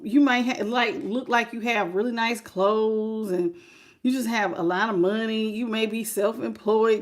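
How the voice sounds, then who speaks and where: A woman, giving a lively, sassy live tarot reading straight to the viewer. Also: on the high side. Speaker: tarot reader.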